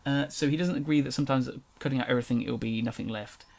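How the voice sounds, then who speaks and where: With a fast, slightly mellow voice of medium pitch and some vocal fry, a young Englishman chats through his solo podcast. His casual accent drops its T's, and he rambles and keeps correcting himself.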